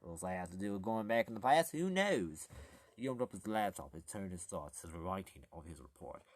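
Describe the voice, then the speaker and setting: A man's voice: sits low, sing-song, dry recording, studio quality. A man reading an audiobook aloud in a casual, rambling way, stumbling, correcting himself and breaking off for crude jokes. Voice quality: jokey, crude asides and halting self-corrections. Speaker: amateur audiobook reader.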